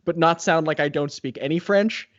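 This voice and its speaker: A man actor talking about his role over a video call, halting and self-deprecating, with many restarts. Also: on the high side, lo-fi sound. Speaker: stage and voice actor.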